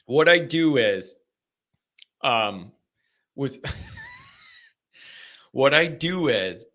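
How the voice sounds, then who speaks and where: A man hosting a live call-in sports chat, talking in an animated, rambling way and often repeating himself. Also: medium pitch, drawn-out words. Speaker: live-stream sports host.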